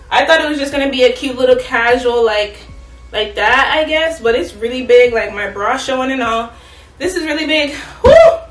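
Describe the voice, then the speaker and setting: Chatty high-voiced young woman in a roomy space. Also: fairly bright tone. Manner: chatty, playful, talks straight to viewers. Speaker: fashion vlogger. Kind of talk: casual try-on haul chat. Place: at home, in an echoey room. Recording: roomy, from a distance.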